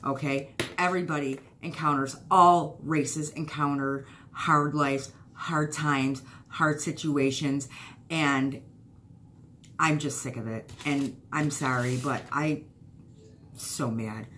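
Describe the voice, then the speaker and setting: A woman's voice: sits low, fairly even intonation, slow pace, fairly bright tone, a little hiss or hum. A woman YouTuber giving a heated, blunt vlog rant, swearing and hammering points with repetition.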